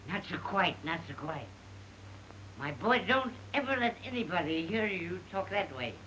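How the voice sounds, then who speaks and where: A man playing a rambling, sentimental comic storyteller in a 1930 film comedy sketch, halting and mock-tearful. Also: sits high, big pitch swings, bright, forceful tone, slight background noise, heavily acted, rough recording.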